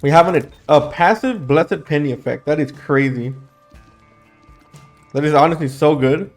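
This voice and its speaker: A young man talks over his gameplay in a relaxed, rambling way, full of fillers and restarts. His throat is dry and his voice is sleepy from the late hour. Soft music plays faintly behind him. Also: a little high, moderate pace. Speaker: gaming YouTuber. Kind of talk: casual gameplay commentary.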